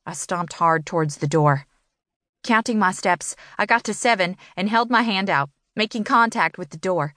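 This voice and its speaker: A woman's voice: medium pitch, moderate pace, sharp tone, no room sound, clean studio sound. A woman reading a first-person story as an audiobook narrator, in an emotional storytelling manner.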